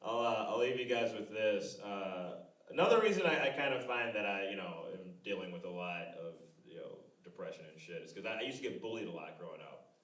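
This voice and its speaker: A man in his thirties doing a stand-up comedy set on a live club stage, animated and loud with shouted impressions. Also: lowish voice, brisk. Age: 30s. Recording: echoey room, voice from a distance. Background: audience laughter.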